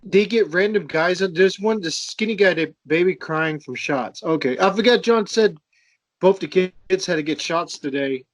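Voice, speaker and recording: A man's voice: sits high, moderate pace, no room sound. A man chatting casually on a podcast, laughing often and joking crudely. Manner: laughs often, crude humor, restarts a lot. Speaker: podcast co-host.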